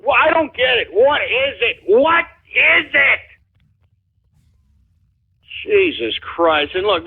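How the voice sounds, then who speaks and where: A man hosting a radio show with an excited, fired-up delivery, swearing and repeating himself as he rants. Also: high voice, breathy edge. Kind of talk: excited call-in radio rant. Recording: tinny phone-line audio.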